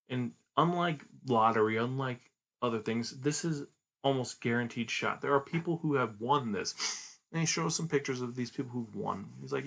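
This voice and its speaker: A man hosting a podcast, chatting casually as he retells a manga story in an animated way. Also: medium pitch, normal speed, creaky. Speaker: podcast host.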